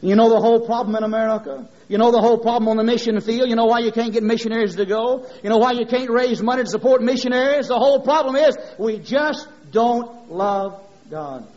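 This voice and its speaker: A man's voice: very high voice, a little fast, hardly any pauses, a little mellow. A middle-aged man preaching a sermon, impassioned and rhythmic, mixing scripture with homespun stories. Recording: dull lo-fi sermon recording.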